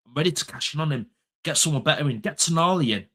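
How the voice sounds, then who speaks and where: A man's voice: a little high, lively intonation, fast, fairly bright tone, slightly rough. A young man, talking football as a pundit in a heated casual chat. He is passionate and blunt, swears freely and repeats his points for emphasis.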